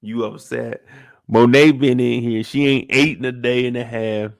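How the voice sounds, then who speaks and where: A man hosting a casual episode recap, animated and profane, firing off rhetorical questions. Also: medium pitch, moderate pace, vocal fry, dry recording, studio quality. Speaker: show recap host.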